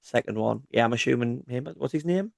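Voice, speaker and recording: Joking man, mid-pitched. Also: animated, brisk, creaky, darkish tone, no echo, studio quality. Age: 30s. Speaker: podcast co-host. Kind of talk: casual banter.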